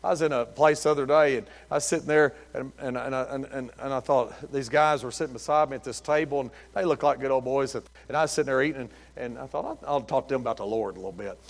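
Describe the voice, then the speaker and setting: A man's voice: mid-range voice, vocal fry. A middle-aged man preaching a sermon, telling joking, folksy stories as pastor. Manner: folksy, joking, lively storytelling.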